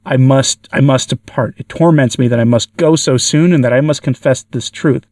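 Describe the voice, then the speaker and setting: A man's voice: medium pitch, moderate pace, a little mellow, dry recording, natural voice. A man voicing a shrieking tormented demon. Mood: anguished. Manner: shrieking, laughing defiantly. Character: tormented male demon forced to confess. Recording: dry, from far off the mic.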